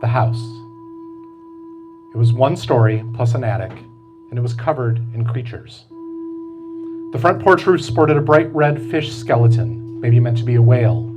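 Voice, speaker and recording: A man, the author, reading aloud from his novel at a bookstore event in slow, measured storytelling. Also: medium pitch, poor audio.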